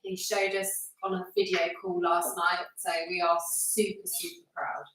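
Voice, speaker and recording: A middle-aged woman with a Southern English accent chats casually, often adding brief agreements. Her voice sits fairly low. She is heard from a distance in a very echoey room. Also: level tone, normal speed, fairly bright tone, a little hiss or hum. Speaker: co-host. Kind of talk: casual live-stream chat.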